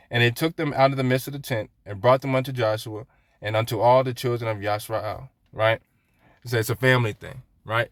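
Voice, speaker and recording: A man's voice: medium pitch, a bit bright, no room sound. Casual, chatty Bible-teaching man. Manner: conversational, peppers lines with "right?", laughs often; chats with viewers while reading scripture aloud.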